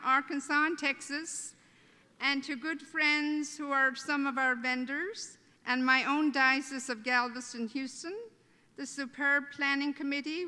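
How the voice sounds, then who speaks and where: A woman with an Irish accent hosting a convention, giving a warm, joking welcome speech. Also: sits high. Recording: reverberant convention hall.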